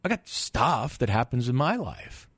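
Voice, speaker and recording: Animated male radio finance host. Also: mid-range voice, measured pace, husky, no echo. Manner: animated, emphatic, repeats words, rhetorical questions. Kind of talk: call-in radio talk monologue. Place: radio studio.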